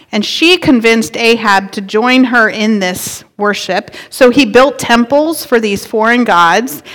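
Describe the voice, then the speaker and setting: A woman's voice: on the high side, fairly bright tone. A woman pastor giving a sermon in a conversational way, playing with word emphasis. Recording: long hall reverb.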